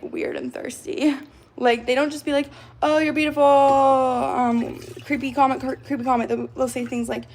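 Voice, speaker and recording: Gravelly, rambling young woman livestreaming. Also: high-pitched, darkish tone. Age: 20s. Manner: rambling, heavy use of "like" fillers. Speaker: livestream host. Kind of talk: casual livestream chat reading comments. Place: her apartment.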